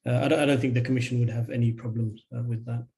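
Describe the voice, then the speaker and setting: A man answering questions on a webinar video call, measured and hesitant with many fillers. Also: medium pitch, steady tone, dark tone, rough recording. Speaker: charity registration advisor.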